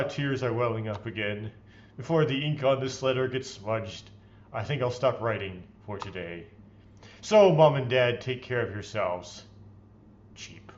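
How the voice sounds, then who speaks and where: The let's play host voices the visual novel's text with theatrical, playful expression and drops in his own comments along the way. His pitch is middle-of-the-road, and the home recording has a dull, slightly lo-fi sound.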